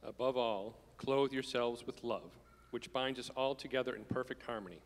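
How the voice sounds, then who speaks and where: Male scripture reader, soft hushed delivery, mid pitch, echoing hall. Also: normal speed. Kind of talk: scripture reading. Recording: reverberant church hall.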